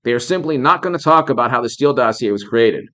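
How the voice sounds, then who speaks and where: A man's voice: mid-range voice, animated, fast, bright, forceful tone. A man hosting political commentary, indignant and repetitive, firing off rhetorical questions and thanking viewers by name as he goes. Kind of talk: live-stream political commentary.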